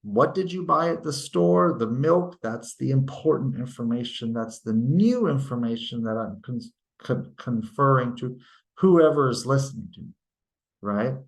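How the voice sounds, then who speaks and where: A man's voice: mid-range voice, expressive, gravelly. A male teacher giving a recorded lecture, explaining patiently and stopping to act out example sentences. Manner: slow, deliberate, explains patiently with tag questions; demonstrates intonation by acting out sentences.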